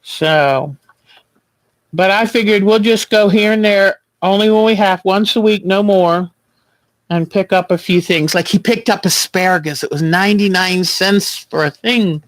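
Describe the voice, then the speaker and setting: A man hosting a quilting livestream, chatting gently and reassuringly while he sews at home. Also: sits high, measured pace, no room sound, rough recording. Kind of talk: casual chat while sewing.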